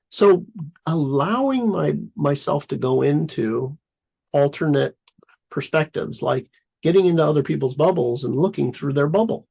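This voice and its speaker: A man with a somewhat high, gravelly voice that runs husky, talking casually in a rambling way. He piles on fillers and bursts into lively acted-out versions of his own thoughts. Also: normal speed, rough recording. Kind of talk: casual conversation.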